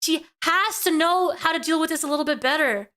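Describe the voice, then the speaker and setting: A woman streamer giving live reaction commentary, animated and quick to repeat herself when she gets worked up. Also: high voice.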